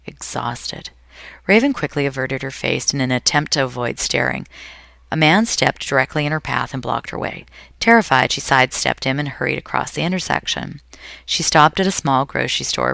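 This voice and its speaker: Gravelly, bright-toned novel reader. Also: medium pitch, no room sound, clean studio sound. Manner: frequent slips and self-corrections. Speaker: audiobook reader. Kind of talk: reading a novel aloud.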